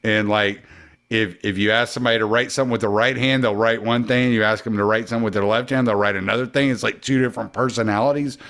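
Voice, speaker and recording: A man in a relaxed conversation who has been drinking, talking animatedly and swearing freely. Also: fairly low pitch, quick pace. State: drinking during the chat. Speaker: podcast guest or host. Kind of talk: casual conversation.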